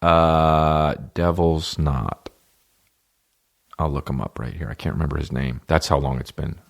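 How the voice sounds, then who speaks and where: Middle aged dude w a real low voice, swearing a ton, rambling podcast talk. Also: male voice, steady tone, unhurried, gravelly. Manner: profane, loose, restarts and tangents. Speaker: podcast host. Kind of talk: casual rambling monologue.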